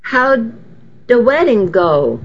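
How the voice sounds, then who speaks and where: A woman's voice: on the high side, big pitch swings, takes it slowly, heavily acted. A woman voicing a fond, feisty older grandmother who talks in a teasing, folksy way. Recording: dull, faintly noisy recording.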